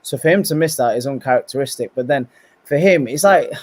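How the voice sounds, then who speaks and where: A man giving animated, opinionated football talk as a podcast guest, often repeating words as he starts. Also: mid-range voice, fast. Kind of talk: casual chat, football debate.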